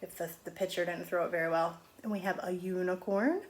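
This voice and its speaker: A middle-aged woman teaching a phonics lesson on video at home, stretching out letter sounds slowly and patiently. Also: fairly low pitch, steady tone, a little hiss or hum. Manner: slow, drawn-out sounding of letters. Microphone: camera on video.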